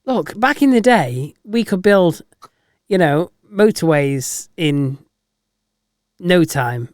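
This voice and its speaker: A man's voice: high voice, expressive, slow pace, a little mellow, no room sound. A man co-hosting a podcast in casual chat, easygoing and dry. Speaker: podcast co-host.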